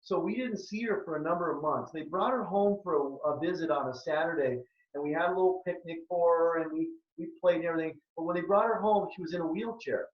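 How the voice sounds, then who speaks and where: A man's voice: fairly high pitch, quick pace, roomy sound, dull audio. A man in his sixties from southern Minnesota, a health practitioner giving an earnest, emphatic webinar talk that repeats its key points. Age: 60s. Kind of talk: presentation with a sales pitch.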